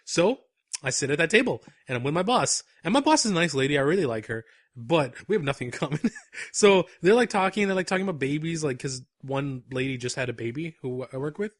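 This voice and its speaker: Animated young man telling a story. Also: fairly high pitch, fast talker, no room sound, clean studio sound. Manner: animated storyteller, laughs often at his own story. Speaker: podcast co-host. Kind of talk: casual anecdote telling.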